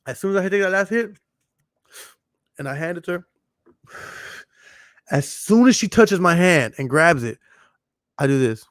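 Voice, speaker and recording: A man's voice: sits high, expressive, a little slow, pauses often, a bit bright, no echo, clean studio sound. A man hosting a podcast, telling a long story in a rambling, profane way and repeating himself. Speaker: podcast host. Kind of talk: casual storytelling monologue.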